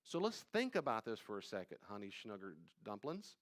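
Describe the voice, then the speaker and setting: A man, a pastor, teaching a live Bible study class, talking straight to his listeners with emphatic repetition and sudden drops to quiet asides. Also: fairly low pitch, big pitch swings, brisk. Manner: conversational, addresses listeners directly.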